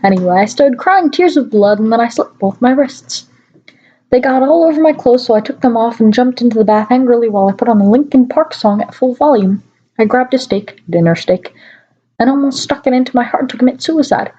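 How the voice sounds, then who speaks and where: Her fairly high, warm voice moves fairly quickly through a mock-dramatic reading punctuated by wry asides. It was captured at home on a laptop mic, and the audio sounds dull.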